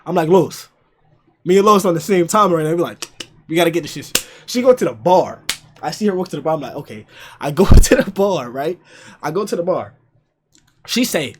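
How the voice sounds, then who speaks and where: A young man telling a party story in a casual storytime, slangy and animated, with frequent laughs. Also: sits high, a little hiss or hum.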